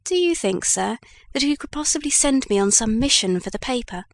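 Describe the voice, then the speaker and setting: A woman's voice: fairly high pitch, expressive, a little fast, no echo. A woman voicing an eager young male reporter in an audiobook, earnest and pleading.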